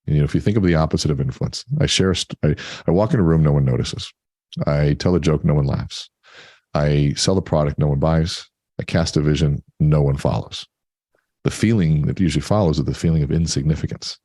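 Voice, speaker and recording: A man on a podcast, chatting and telling stories with lively voices for the characters. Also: extremely low pitch, fairly quick, no room sound, studio quality. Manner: animated storyteller, acts out characters. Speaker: podcast guest. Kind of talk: casual conversation.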